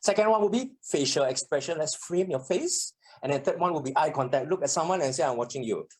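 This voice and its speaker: A public speaking trainer teaching a workshop in a meeting room that is also streamed to a video call, animated and acting out example sentences. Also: mid-range voice, brisk.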